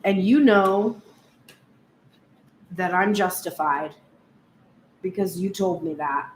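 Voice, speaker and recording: A woman's voice: lowish voice, slow pace. Woman tarot reader, channeled first-person reading, intense, echoey room. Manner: heated, speaks in first person as the partner. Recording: roomy echo, faint background hum.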